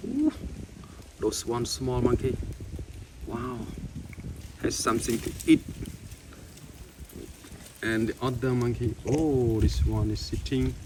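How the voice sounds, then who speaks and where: A man with filming monkeys outdoors at sunset, chattering in excited, repetitive exclamations. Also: medium pitch, slow, pauses often. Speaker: wildlife vlogger filming monkeys. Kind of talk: casual live commentary while filming. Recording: distant outdoor camera audio with noise.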